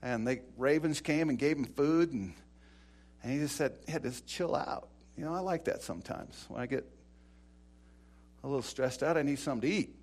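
A man preaching an informal sermon, retelling Bible stories in an animated way with many fillers and restarts. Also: medium pitch, fairly quick, long pauses.

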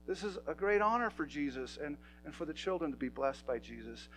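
A man's voice: fairly high pitch, lively intonation, brisk, fairly bright tone, slight background noise, rough recording. A man preaching a sermon in a church, talking to his congregation in an emphatic, conversational way. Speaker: pastor.

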